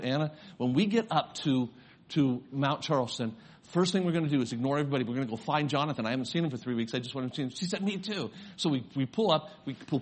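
A man's voice: on the high side, breathy edge. An older man, a grandfather and pastor, preaching a sermon, telling a personal story and rising to fervent preaching.

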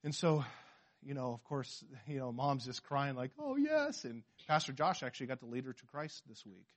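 At normal speed and medium pitch, a western US pastor preaches in an energetic, conversational style. He dramatizes quotes and often begins his sentences again.

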